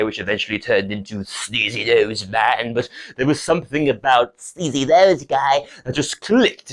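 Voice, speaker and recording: A man voicing a self-important comedian who talks in a hushed, affected and pompous way. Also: on the low side, pitched below the performer's own voice, natural voice.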